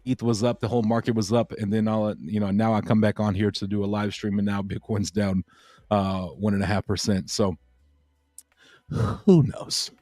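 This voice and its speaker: Mellow, low-voiced casual stream host. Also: male voice, little pitch movement, brisk, no room sound, clean studio sound. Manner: rambling, many "uh" fillers and repeats. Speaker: crypto livestream host. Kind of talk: casual livestream chat.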